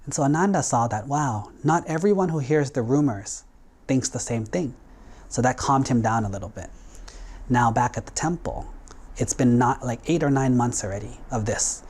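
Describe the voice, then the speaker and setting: A man's voice: medium pitch, moderate pace, a little mellow. A male Buddhist monk telling a story in a sermon, in a casual, conversational way with acted-out quotes.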